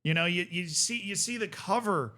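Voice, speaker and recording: Brief: young male host, casual reaction commentary, bright forceful tone, amused and excitable. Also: high voice, moderate pace. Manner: excitable, amused, often breaks into laughter.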